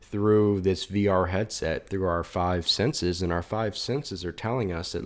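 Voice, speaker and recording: A man's voice: sits low, measured pace, few pauses. A man speaking as a spiritual coach in a reflective monologue, earnest and thoughtful, often restarting his phrases, at a desk microphone indoors.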